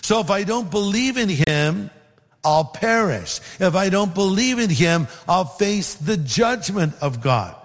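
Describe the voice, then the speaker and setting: A middle-aged man, a pastor, delivers an earnest sermon and slows down to stress scripture verses. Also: high-pitched, animated, in a large hall.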